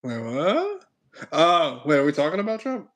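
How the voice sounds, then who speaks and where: A man's voice: a little high, wildly swooping pitch, normal speed, a bit bright. A man hosting a stream in casual chat, rambling and hedging as he thinks aloud. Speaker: streamer host.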